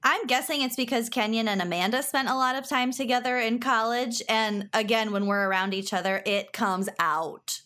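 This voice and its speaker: A woman's voice: fairly high pitch, moderate pace, few pauses, bright, forceful tone. A woman guest with a Minnesotan accent, telling anecdotes in a playful, laughing podcast chat. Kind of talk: casual chat.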